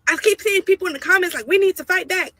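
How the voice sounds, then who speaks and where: A woman's voice: extremely high pitch, quick pace, bright, forceful tone, no echo, low-quality recording. A woman speaking in an emotional online video, distressed and pleading. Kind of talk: emotional social-media video.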